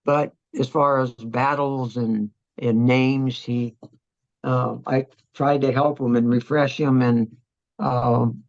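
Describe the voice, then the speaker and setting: Gravelly older man recalling wartime. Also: medium pitch, flat delivery, no room sound, muffled recording. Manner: halting, reflective, many restarts. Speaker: Vietnam veteran interviewee. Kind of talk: oral history interview.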